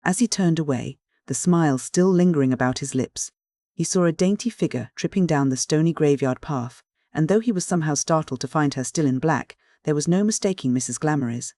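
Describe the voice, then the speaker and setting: An audiobook narrator reading a Victorian short story in a measured, literary way. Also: medium pitch, dark tone, no echo, clean studio sound.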